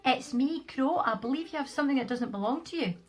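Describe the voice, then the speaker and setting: A woman's voice: high voice, expressive, fairly quick, soft background music. A woman doing a bossy Scottish crow. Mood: determined. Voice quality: loud, firm calling voice.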